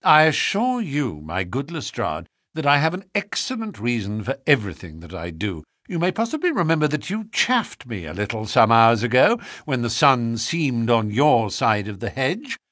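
A man voicing a calm, precise adult male detective with a faintly pompous manner. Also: mid-range voice, moderate pace, no echo, studio quality.

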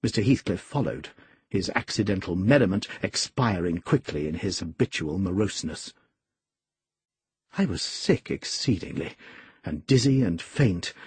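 A man reading a classic novel aloud, expressive and measured. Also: fairly low pitch, breathy edge, no echo. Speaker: audiobook reader. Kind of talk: scripted novel narration.

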